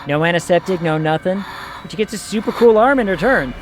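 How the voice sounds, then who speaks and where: A man's voice: high-pitched, animated, quick pace, background noise. A man streaming a game, making sarcastic, joking comments to his viewers as he plays. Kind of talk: live gameplay commentary.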